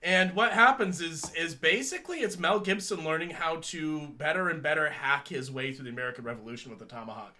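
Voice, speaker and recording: A man's voice: a little high, fairly quick, few pauses, sharp tone. A man in his thirties co-hosting a casual chat show, rambling and joking with frequent laughs. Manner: rambling, jokey, laughs often. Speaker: podcast co-host.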